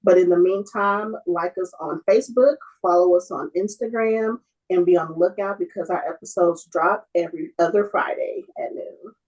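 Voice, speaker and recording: A woman's voice: fairly low pitch, moderate pace, a little mellow, rough recording. A woman co-hosting a podcast in casual chat, laid-back and joking. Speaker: podcast co-host.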